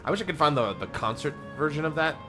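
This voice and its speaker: A male game streamer who chats casually as he plays. His pitch swings up and down a lot while he rambles, and game music plays in the background. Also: animated, fast. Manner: rambling, chatty, reads game lines aloud. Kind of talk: casual live-stream commentary.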